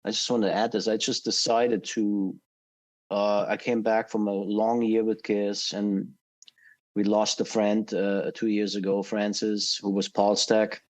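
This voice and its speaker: Halting, low-voiced middle-aged man. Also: level tone. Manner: halting, many "uh" fillers and repeated words. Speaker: guest, touring bass tech. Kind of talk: casual interview chat.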